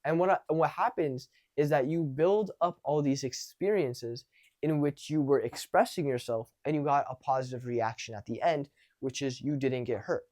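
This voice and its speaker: A man talks straight to camera as a confidence coach, loose and conversational, often restarting his sentences. His voice sits at an ordinary middle pitch. He gets animated when he acts out little example conversations. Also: normal speed. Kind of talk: casual advice to camera.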